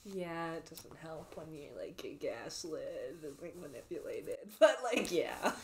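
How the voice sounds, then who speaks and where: A woman's voice: deep voice, expressive, a little slow, a little mellow, slight background noise. A young woman in her twenties, a podcast guest, talking casually with lots of laughter and filler words. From Canada. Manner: giggly, rambling, many filler words. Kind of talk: casual conversation.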